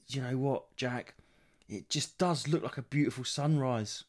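A man's voice: medium pitch, normal speed. Solo podcast host, man, thirties, sweary meandering storyteller. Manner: rambling, sweary, animated storytelling. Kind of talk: solo rambling comedy podcast.

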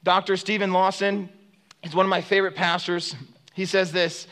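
A man's voice: high-pitched, flat delivery, moderate pace, a bit bright. A man preaching a sermon as pastor, conversational and joking with many fillers, retelling stories with emphatic rises.

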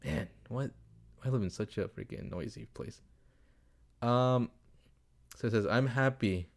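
A man's voice: medium pitch, moderate pace, gravelly, pauses often. A young man hosting a casual advice podcast from home, rambling, swearing and drifting off topic as he reads listener questions. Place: home room with window, street noise outside. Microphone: desktop computer setup.

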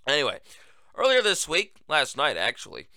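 A man's voice: fairly high pitch, wildly swooping pitch, normal speed, sharp tone, no room sound. A man hosting a political talk show, delivering a sarcastic, mocking monologue. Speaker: host.

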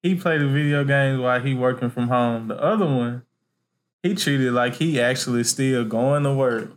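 A man's voice: medium pitch, moderate pace. A man co-hosts a casual podcast chat. He tells his stories in an easygoing, laid-back way. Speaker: podcast co-host.

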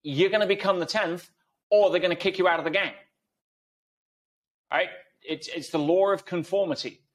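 Interview guest, male, fairly high voice, emphatic talker full of analogies. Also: normal speed. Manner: emphatic, uses analogies and rhetorical questions. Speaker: guest speaker. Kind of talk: conversational interview.

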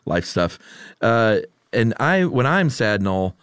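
A podcast co-host with a very deep voice, talking casually and trading dry jokes. He is a man reading out listener picks in an easy, teasing way. The sound is close and dry, with no room in it. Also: big pitch swings, slow pace, a bit bright, smooth, no echo. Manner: dry, joking, reads listener submissions. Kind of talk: casual chat.

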